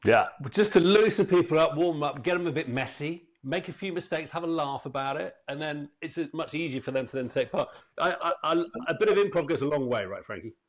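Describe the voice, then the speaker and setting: A man's voice: a little high, lively intonation, a little fast, hardly any pauses. A man hosting an interview podcast, asking his guest questions and chatting in a friendly, encouraging way. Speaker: podcast host. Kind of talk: casual interview chat.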